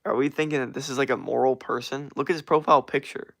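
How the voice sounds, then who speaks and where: A man's voice: mid-range voice, fairly even intonation, fast talker, creaky, hardly any pauses, fairly bright tone, no room sound, studio quality. A man streaming live and reading out his chat, blunt and profane, laughing often. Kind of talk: casual livestream chat.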